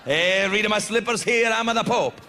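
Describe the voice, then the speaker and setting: A man's voice: sits high, moderate pace. A man voicing an older Pope who boasts in broken, mock Italian-accented phrasing. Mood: boastful. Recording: live club with crowd and noise.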